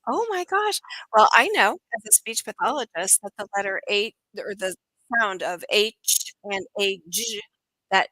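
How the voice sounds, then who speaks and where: A woman's voice: medium pitch, no room sound, low-quality recording. A middle-aged woman, an accent coach, telling a story as an interview guest and acting out the dialogue with animation. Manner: animated, acts out quoted dialogue.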